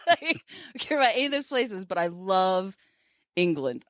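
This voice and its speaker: A woman's voice: on the low side, lively intonation, normal speed, no echo, studio quality. A woman in her thirties chatting casually on a podcast, laughing often and poking fun at herself. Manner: laughs often, self-mocking. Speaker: podcast co-host.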